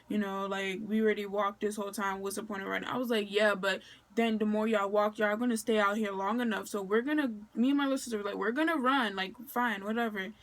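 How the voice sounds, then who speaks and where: A woman's voice: medium pitch, steady tone, fast. Chatty young woman telling a story. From Maryland, USA. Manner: chatty, filler-heavy, slangy retelling with quoted dialogue. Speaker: vlogger. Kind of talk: casual storytime vlog.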